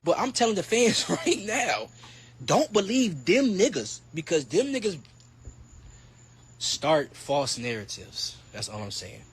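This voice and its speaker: A young man in his twenties, a boxer, giving a heated, profane trash-talk rant that swings between loud and muttered. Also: fairly high pitch, sing-song, measured pace. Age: 20s.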